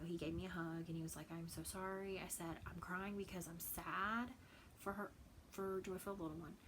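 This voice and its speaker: A woman's voice: lowish voice, pushed and bright, a little hiss or hum, poor audio. A woman from Texas in a casual home vlog, chatting and rambling with many fillers and repeated words. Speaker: cross stitch vlogger. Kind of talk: casual chat.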